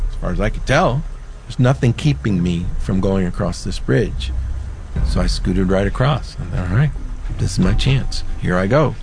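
A man slowly recounting a personal story in an unhurried storytelling manner, with pauses. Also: on the low side, vocal fry, darkish tone, slight background noise. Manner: slow, unhurried retelling with pauses.

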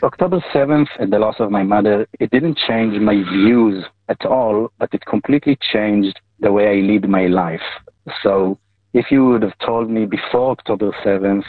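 A man, a political candidate, answering interview questions earnestly and deliberately. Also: fairly low pitch, no echo. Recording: tinny phone line.

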